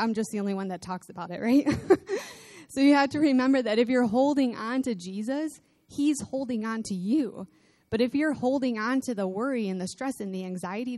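A woman's voice: fairly high pitch, darkish tone, no echo. A woman pastor delivering a conversational sermon, telling personal stories with laughing asides.

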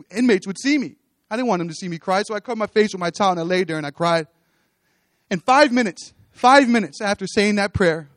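Casting: man preaching his own testimony, high voice, dry close sound, earnest and repetitive. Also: no echo. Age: adult, with children. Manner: earnest, repeats phrases, rising to exhortation. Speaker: church speaker giving testimony. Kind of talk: testimony sermon. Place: church stage.

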